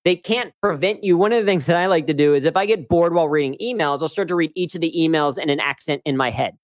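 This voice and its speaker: A man's voice: fairly high pitch, fast, no room sound. Upbeat chatty man, dry close sound. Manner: upbeat, chatty, frequent "right?" asides. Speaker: guest, humor coach and speaker. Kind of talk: casual interview talk.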